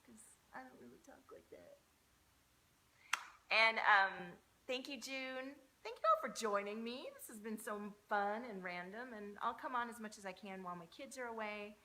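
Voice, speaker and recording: A middle-aged woman hosting a spiritual live stream, chatting warmly with viewers, gushing and swearing freely. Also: moderate pace, slight background noise. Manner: gushing, affectionate, swears freely, swoops up high when excited.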